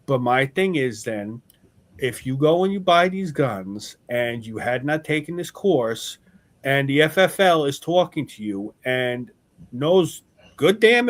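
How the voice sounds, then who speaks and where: A man hosting a podcast in casual chat, telling an animated story with swearing, then arguing his point earnestly. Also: a little high. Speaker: podcast host.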